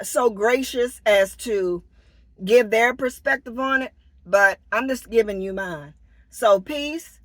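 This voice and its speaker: A middle-aged American woman talks straight to her viewers in an unhurried, deliberate way. Her voice sits a little high and the sound is close and dry. She is blunt and emphatic, and she repeats her main points to drive them home. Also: a bit bright, no echo. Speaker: vlogger. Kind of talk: direct-to-camera safety talk.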